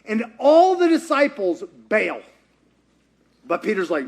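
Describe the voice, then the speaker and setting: A man preaching a sermon, retelling a story in a lively conversational way and acting out the characters' lines. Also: high voice, moderate pace. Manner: acts out quotes in character voices, lively and conversational. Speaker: pastor.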